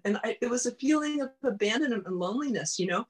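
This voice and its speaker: A woman's voice: on the high side, animated, a little fast. Earnest woman coach telling her story. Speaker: guest, body-mind coach. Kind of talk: personal storytelling in interview.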